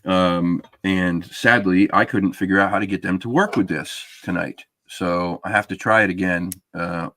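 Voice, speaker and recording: A man's voice: deep voice, fairly even intonation, moderate pace, hardly any pauses, fairly bright tone, a little hiss or hum. A man hosting a live podcast stream, chatting casually and rambling with lots of fillers. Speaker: podcast host.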